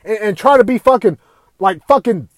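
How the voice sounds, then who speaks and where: A man with a high-pitched voice tears into his audience in a furious rant, swearing with nearly every sentence. His voice is dry and close, with no room sound around it. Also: expressive, normal speed, no room sound. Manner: heated, swearing constantly, raising voice at times. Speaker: video ranter. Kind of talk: angry profane rant.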